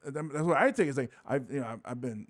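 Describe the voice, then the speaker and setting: A man's voice: mid-range voice, fast talker. A man from Hawaii, a stand-up comic, telling stories in a casual interview and acting out quotes in voices. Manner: animated, acts out quotes in voices.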